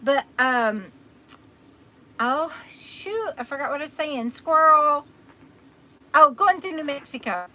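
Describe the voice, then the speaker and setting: Her voice is high, lively in intonation, a little slow, and pushed and bright. She's a Texan livestream host, weary and recovering from being sick, chatting in a rambling way and thanking viewers by name. The recording quality is low.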